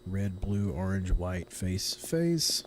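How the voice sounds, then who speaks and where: A man's voice: low voice, sing-song, slow, background noise. A young man from Tennessee streaming a horror game, chatting casually and thinking aloud in a rambling, self-correcting way. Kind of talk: casual live gameplay commentary.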